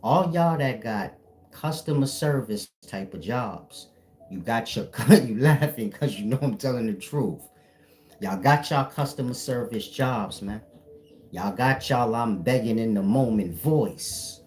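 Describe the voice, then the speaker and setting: A man acting as a spiritual teacher, lecturing his viewers bluntly in a firm, defined voice with no softness. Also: medium pitch, animated, a little slow. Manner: blunt, lecturing, scolding the audience. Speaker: self-styled spiritual teacher. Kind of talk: preachy solo monologue to viewers.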